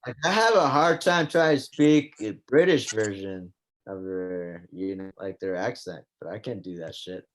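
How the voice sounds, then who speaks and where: A man's voice: fairly low pitch, moderate pace. Laid-back man chatting sports. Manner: loose and chatty, swears casually, trails off. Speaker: podcast co-host. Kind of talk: casual sports chat.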